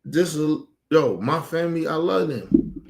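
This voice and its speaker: A man with a somewhat high voice pours out an angry, profane rant about his family. He talks emphatically and hammers his points home, sounding like a streamer venting to his viewers. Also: expressive, measured pace, creaky, a little hiss or hum. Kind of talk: heated personal rant.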